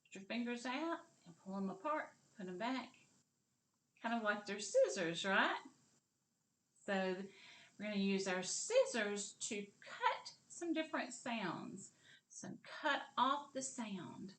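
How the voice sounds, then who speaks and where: Kindergarten teacher, woman, unhurried and lively in pitch, whispering some words, recorded in a roomy space. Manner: slow, encouraging, sing-song teacher voice with whispered parts. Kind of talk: kindergarten literacy lesson. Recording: echoey room.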